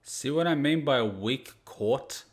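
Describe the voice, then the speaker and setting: A man's voice: medium pitch, animated, a little slow. A man hosting an anime reaction video, joking and blunt, swearing freely as he comments.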